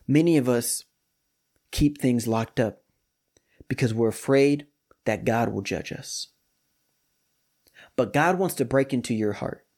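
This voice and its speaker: A man hosting a scripture study podcast, preaching in a lively, colloquial way straight to his listeners. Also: medium pitch. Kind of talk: casual preaching.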